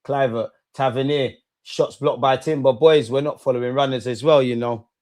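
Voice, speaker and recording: A young man hosting a live football watch-along, reacting excitedly, swearing at the referee and telling the players to calm down. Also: mid-range voice, moderate pace. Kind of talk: live match reaction commentary.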